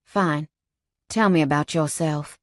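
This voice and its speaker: A woman voicing a cocky, flirtatious male biker who teases with a slow drawl. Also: low voice, no room sound, studio quality. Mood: teasing. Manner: teasing drawl, calls her sugar.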